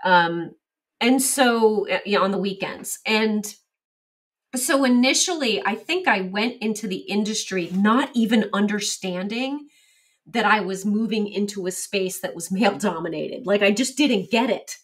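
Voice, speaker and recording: A middle-aged woman speaking as an interview guest, telling lively stories and acting out quoted exchanges. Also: mid-range voice, a little slow, distant mic. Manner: animated storyteller, acts out quoted exchanges. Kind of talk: casual interview storytelling.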